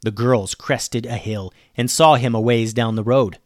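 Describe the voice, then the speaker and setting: A man narrating a children's story in a playful, animated way as a podcast host. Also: mid-range voice, measured pace, no echo, clean studio sound.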